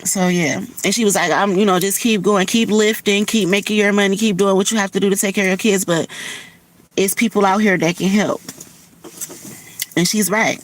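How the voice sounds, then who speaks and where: A woman's voice: mid-range voice, fairly even intonation, normal speed, a little hiss or hum, low-quality recording. A tearful woman, talking candidly and from the heart on her livestream, swearing casually. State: tearful from crying. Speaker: livestream host. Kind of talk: emotional personal livestream talk.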